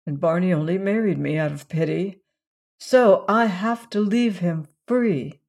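Narrator as worn-out young wife, blunt, slow, flat. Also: medium pitch, gravelly. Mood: weary, blunt. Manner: flat, mechanical delivery. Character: weary, blunt young woman leaving her marriage.

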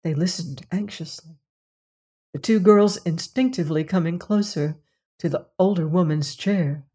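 A woman reading a mystery novel aloud as the host, in a measured, unhurried storytelling manner. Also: on the low side, mellow, slightly rough. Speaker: audiobook narrator and host. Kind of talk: scripted narration of a mystery novel.

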